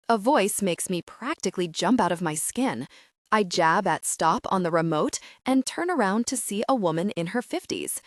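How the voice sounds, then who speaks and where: A woman reading a first-person audiobook with expressive, animated storytelling. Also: mid-range voice, moderate pace, dry recording, clean studio sound. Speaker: audiobook narrator.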